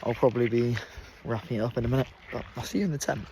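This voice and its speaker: A man's voice: medium pitch, racing, few pauses, mellow, breathy edge. A young man vlogging casually outdoors on a moor while camping, laid-back, jokey and full of swearing. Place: outdoors on open moorland, camping.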